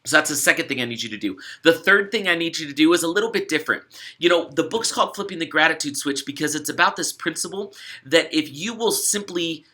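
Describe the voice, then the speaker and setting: This young male author's voice is a little high, bright and forceful, with lively intonation and a quick pace. In a casual instructional video he cheerfully walks participants through a gratitude study, stumbling into fillers and restarts.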